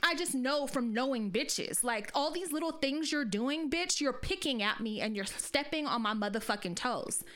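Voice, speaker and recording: A woman podcast host telling a story in casual chat, animated and heavy with profanity. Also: sits high, moderate pace, hardly any pauses.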